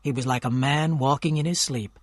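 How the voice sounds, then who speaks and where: A man's voice: mid-range voice, steady tone, a little fast, dry recording. Man narrating a storybook, dry sound. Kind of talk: scripted storybook narration for learners.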